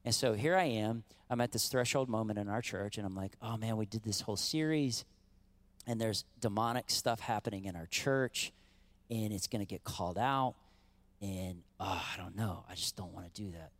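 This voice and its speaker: A middle-aged man preaching a sermon as pastor, animated and conversational, acting out quotes and calling on the congregation. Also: lowish voice, normal speed.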